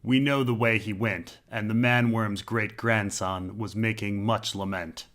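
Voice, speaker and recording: Grim storybook knight, read by a man, low, measured and stern. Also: fairly even intonation, a bit bright.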